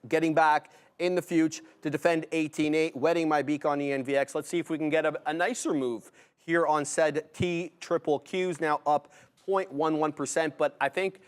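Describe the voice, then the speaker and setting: A man's voice: on the high side, steady tone, moderate pace, clear, resonant tone. A man co-hosting a live trading stream, talking casually and slangy as he thinks aloud about his trades. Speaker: day trader co-host.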